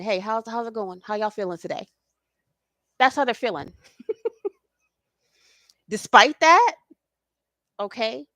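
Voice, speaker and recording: A woman's voice: mid-range voice, fairly bright tone, no echo, studio quality. A woman hosting a casual spiritual talk. She speaks with slangy passion, swears freely and keeps checking in with her listeners. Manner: talks to her audience directly, checks in with "okay?". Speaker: spiritual reader and host.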